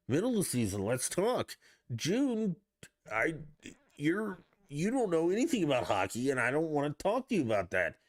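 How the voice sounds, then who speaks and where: A man hosting a solo podcast, ranting about sports in an exasperated, profane way. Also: medium pitch. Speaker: podcast host.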